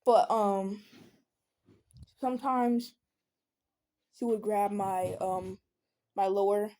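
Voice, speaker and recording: A woman's voice: medium pitch, steady tone, takes it slowly, dark tone. A young woman venting in a casual storytime vlog, rambling with many fillers and restarts. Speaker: vlogger.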